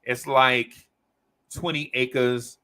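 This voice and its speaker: A man's voice: mid-range voice, extremely slow, clear, resonant tone. A man on a podcast telling a long story in casual chat, acting out the people in it. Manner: animated storyteller, acts out quoted voices. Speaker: podcast host.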